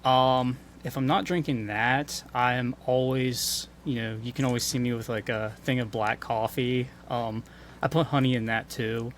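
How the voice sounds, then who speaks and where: A man's voice: mid-range voice, normal speed, a little hiss or hum. Male teacher guest on a podcast. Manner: relaxed, thoughtful, with many fillers. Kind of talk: casual chat.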